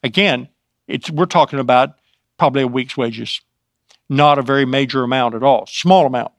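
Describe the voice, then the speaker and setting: A man's voice: medium pitch, moderate pace, no echo. A man teaching from the Bible in an informal way. He adds his own asides as he retells scripture.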